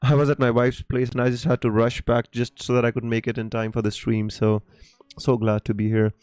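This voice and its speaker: Smooth-voiced man chatting on a live stream. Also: mid-range voice, flat delivery, fairly quick, darkish tone, no echo. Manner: hesitant, many fillers and restarts, calls viewers mate; reads viewer comments aloud. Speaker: live stream host answering viewer questions. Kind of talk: casual live stream chat.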